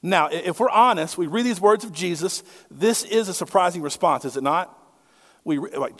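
A man's voice: high-pitched, lively intonation, moderate pace, fairly bright tone. A middle-aged male pastor preaching a sermon in a conversational way, often putting rhetorical questions to his listeners. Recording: long hall reverb.

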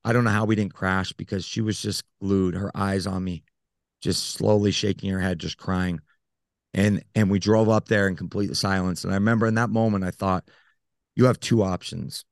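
A podcast guest with a very low, deep voice recounts his own story in an interview, speaking earnestly and haltingly and often pausing on fillers. His intonation is fairly even with some vocal fry, and the recording is dry and close with no echo or room sound.

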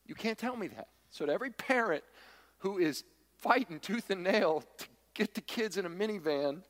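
A man's voice: high-pitched, expressive, moderate pace, fairly bright tone, big-room sound. A man preaching a sermon, emphatic and repetitive, with folksy humor. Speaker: pastor.

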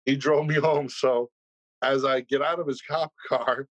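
Husky-voiced man telling a rambling story. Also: mid-range voice, steady tone, measured pace, no room sound, muffled recording. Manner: rambling anecdotal storytelling, swears freely. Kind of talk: casual chat.

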